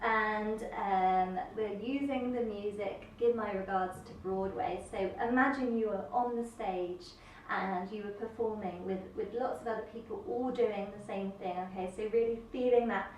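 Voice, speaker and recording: A woman calmly explaining a seated dance exercise. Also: mid-range voice, normal speed, far from the mic, slight background noise. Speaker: dance leader. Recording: echoey room from afar.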